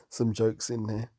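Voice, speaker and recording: A tired man teaching from the Bible late at night, reading verses aloud and commenting on them slowly. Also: fairly low pitch, a little mellow, breathy edge, dry recording, studio quality. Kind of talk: scripture study talk.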